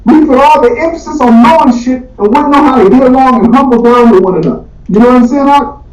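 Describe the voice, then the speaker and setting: A man with a very high, bright-ringing voice leads a Bible class, slangy and animated, firing rhetorical questions at the room. He is heard from a distance in an echoey meeting room. The recording sounds dull and muffled. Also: quick pace. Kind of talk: casual teaching Q&A.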